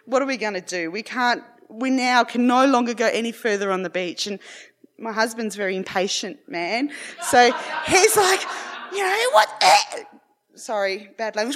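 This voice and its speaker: Aussie mum telling a story, kinda high voice, rambly and lively, does her family's voices. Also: normal speed. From Australia. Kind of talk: live personal storytelling.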